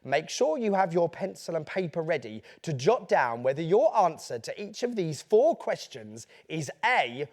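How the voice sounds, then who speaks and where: A man's voice: on the high side, sing-song, normal speed, hardly any pauses. A man, a children's author, playfully hosting a live online event and answering kids' questions. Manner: playful, upbeat, chatty.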